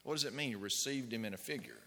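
Quick and mid-range, this pastor's voice is bright and forceful, with some vocal fry. During his sermon he tells stories and questions the congregation, and a long hall reverb trails his words.

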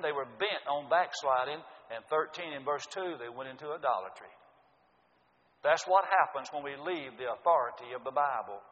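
A man's voice: a little high, a bit bright. A man preaching a sermon, earnest and emphatic, citing scripture. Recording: dull lo-fi audio with long hall reverb.

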